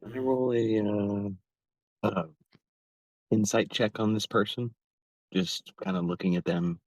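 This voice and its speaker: A man's voice: lowish voice, steady tone, unhurried, a little mellow, no echo, poor audio. A man playing in a tabletop game, asking the game master questions in a hesitant way, thinking aloud. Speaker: player. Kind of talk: casual chat at a game table.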